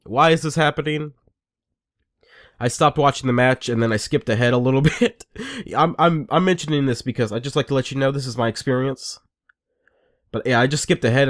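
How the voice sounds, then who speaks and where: A man giving a casual, rambling and sarcastic review rant, full of restarts. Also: medium pitch. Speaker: wrestling reviewer.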